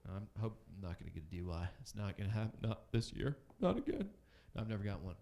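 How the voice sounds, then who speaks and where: A man working a comedy club crowd, loose and self-mocking with plenty of ums. His pitch rises and falls a lot. He talks into a handheld stage mic. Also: big pitch swings, quick pace, vocal fry, dark tone. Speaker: stand-up comedian. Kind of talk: stand-up comedy set.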